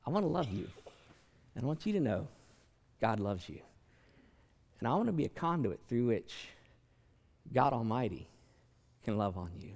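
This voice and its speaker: A man preaching a sermon as pastor, in an animated manner that swings from soft asides to loud, emphatic lines. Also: medium pitch, normal speed, pauses often. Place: large church sanctuary. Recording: long hall reverb.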